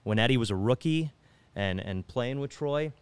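A man on a casual sports talk show, telling anecdotes in a relaxed storytelling way. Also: mid-range voice, normal speed, clear, resonant tone, no room sound.

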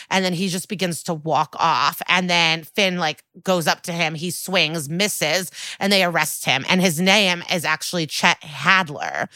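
With a voice on the low side, recorded dry, this podcast co-host chats casually through a crime show episode. She swears liberally and brings the recap to life by quoting characters' lines.

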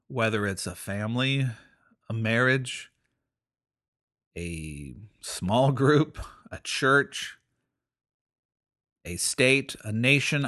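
A man's voice: medium pitch, fairly bright tone, dry recording, studio quality. A man hosting a talk show, telling stories in a conversational, self-deprecating way with plenty of fillers. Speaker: podcast host. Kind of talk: casual spoken commentary.

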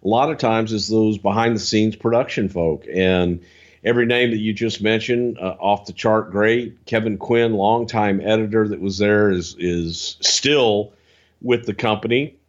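A man on a casual podcast, animated and swearing freely as he tells a story and slips into quick impressions. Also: lo-fi sound. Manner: animated, swears freely, jumps into high-pitched impressions and singing. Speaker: podcast co-host telling stories.

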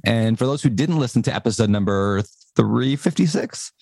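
A man hosts a podcast in a loose, jokey way, rambling and poking fun at himself. His voice sits at a middling pitch. The sound is close and dry. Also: lively intonation, moderate pace, gravelly, a little mellow, no echo. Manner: jokey, rambling, self-deprecating. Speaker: podcast host. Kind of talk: casual podcast chat.

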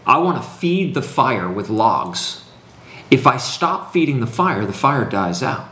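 A man's voice: mid-range voice, very animated, a little slow, pushed and bright. A man speaking in a teaching conversation with emphatic, preacherly build-ups and repetition. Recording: roomy echo.

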